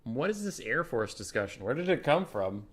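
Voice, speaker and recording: A man's voice: mid-range voice, very animated, normal speed, breathy edge. A young man co-casting a game tournament, chatting casually, joking and laughing often. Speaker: co-caster.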